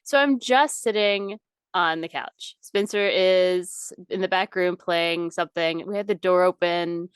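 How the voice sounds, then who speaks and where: A woman's voice: lowish voice, measured pace, smooth, dry recording. A woman co-hosting a podcast, telling a funny story in casual chat with lots of laughter. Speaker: podcast co-host.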